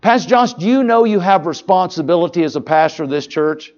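A man preaching a sermon in a church, in a folksy, animated way, often asking the congregation questions. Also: high-pitched, brisk, lo-fi sound. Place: church sanctuary.

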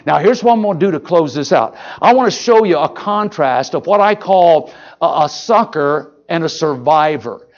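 A man's voice: on the high side, lively intonation, moderate pace, hardly any pauses, dull audio. An older man preaching a sermon in a church, folksy and joking, firing questions at the congregation. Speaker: pastor.

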